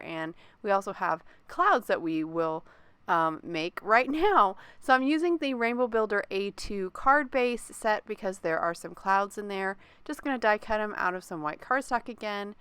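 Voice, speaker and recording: A woman's voice: a little high, fairly bright tone, clean tone, dry recording. A woman talking casually through a crafting tutorial, explaining each step as she goes and correcting herself now and then. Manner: chatty, self-correcting, occasional light laughs. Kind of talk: relaxed craft demonstration voice-over.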